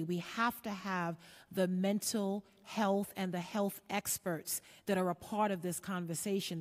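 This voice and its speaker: A woman chairing a council committee hearing, speaking in earnest, measured formal remarks with some filler ums. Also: on the low side, a little mellow. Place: large council chamber. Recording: long echo of a large hall.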